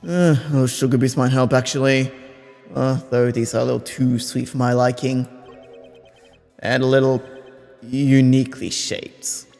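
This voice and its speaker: A man reading the lines of a composed, formal male prosecutor in a mystery game, measured and deliberate. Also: medium pitch, little pitch movement, gravelly, darkish tone, soft background music. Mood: dry.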